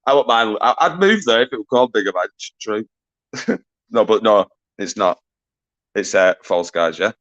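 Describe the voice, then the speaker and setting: A man's voice: lowish voice, lively intonation, moderate pace, a bit bright, dull audio. Male quiz host on a live stream, casual and jokey, swears a lot, greets viewers by name.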